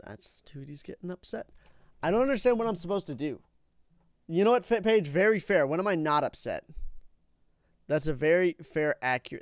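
A young man hosting a let's play video, talking through his game with excitable, melodramatic outbursts of frustration. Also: fairly high pitch, clear, resonant tone, no room sound, clean studio sound. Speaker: gaming video host. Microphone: own microphone, said.

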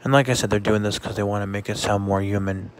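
A man talking casually in a vlog, halting often with fillers and restarts. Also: fairly low pitch, fairly even intonation, a little hiss or hum. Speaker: vlogger.

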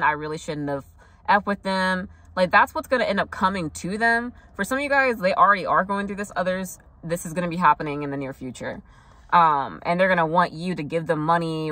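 A woman's voice: on the low side, bright, forceful tone, no room sound. A young woman giving a casual tarot reading, chatting loosely with lots of fillers, asides and mocking imitations of what people say. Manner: chatty, filler-heavy, quick asides and mock quotes. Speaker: tarot reader.

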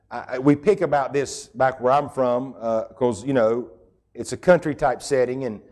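A man's voice: medium pitch, darkish tone. A middle-aged man preaching a sermon as pastor, folksy and emphatic, with rural turns of phrase.

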